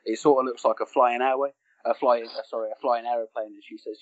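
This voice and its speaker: A man's voice: mid-range voice, steady tone, fast talker, no room sound. Male podcast co-host, giggly recapper, dull lo-fi audio. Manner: laughs while retelling scenes. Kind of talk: casual film chat.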